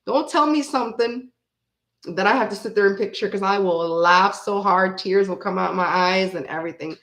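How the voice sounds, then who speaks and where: A woman's voice: medium pitch, normal speed, fairly bright tone. Woman in her 40s rambling to her stream chat, laughs a lot, echoey room. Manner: rambling, laughs often while telling stories. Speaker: tarot reading host. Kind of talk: casual livestream chat with viewers. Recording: roomy echo.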